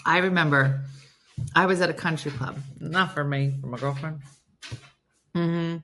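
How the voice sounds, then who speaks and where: A woman's voice: low voice, fairly even intonation, a little slow, a bit bright. A woman hosting a casual live stream, chatting and storytelling as she reads viewer comments aloud and answers them. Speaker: host reading viewer comments.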